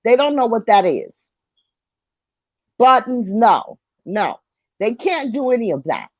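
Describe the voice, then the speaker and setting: A woman's voice: a little high, big pitch swings, slow, no room sound, dull audio. An older woman hosting a casual online talk show, reading viewer comments and chatting with light laughter and mild swearing. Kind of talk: casual chat.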